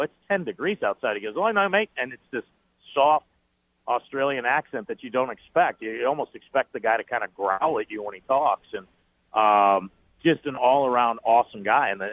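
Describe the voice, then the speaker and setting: A man, a team's play-by-play broadcaster, telling animated stories as a guest on sports talk radio, with many fillers and restarts. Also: medium pitch, fairly quick, dry recording. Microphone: phoning in. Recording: tinny phone line.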